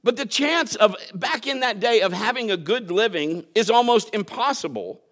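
A high, animated preacher whose pitch leaps around as he tells a personal story from the pulpit. His tone is bright and forceful, and he acts out the people in his story and laughs at himself. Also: normal speed.

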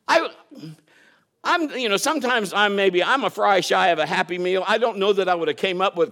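A man's voice: high-pitched, a little fast, fairly bright tone. A man preaching a sermon, telling a personal story, acting out quotes and laughing at himself.

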